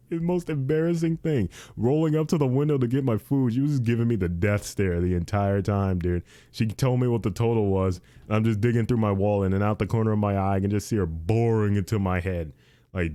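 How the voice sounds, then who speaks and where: A man's voice: on the low side, fairly quick, dark tone, dry recording, studio quality. A young man hosting a casual podcast, rambling and repeating himself, calling the listener dude. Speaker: podcast host. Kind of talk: casual chat.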